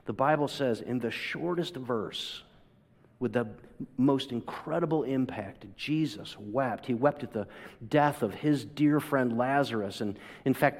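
Delivering a sermon, a male pastor asks rhetorical questions and performs quoted voices with big dramatic swings. His voice is mid-range and a little mellow, heard with long hall reverb.

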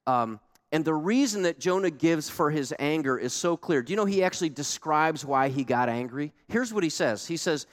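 A male pastor preaching a sermon in a conversational, animated way, full of rhetorical questions. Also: fairly high pitch, fairly quick, long reverb tail.

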